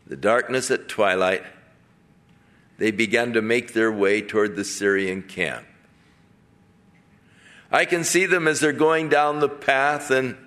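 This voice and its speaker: Male preacher, slow deliberate delivery, animated storyteller. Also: medium pitch. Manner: animated storyteller acting out characters. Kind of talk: sermon storytelling.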